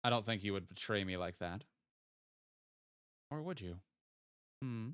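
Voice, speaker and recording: Lively, playful male game streamer. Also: lowish voice, unhurried, clear, resonant tone, dry recording, studio quality. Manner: thinks aloud, playful teasing of chat. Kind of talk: casual live-stream game commentary.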